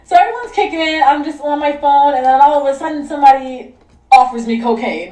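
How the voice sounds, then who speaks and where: Young woman, high voice, storytime vlog, cursing and laughing, roomy echo. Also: a little fast. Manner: animated, profane, laughing storytelling. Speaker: vlogger. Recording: echoey room, distant mic.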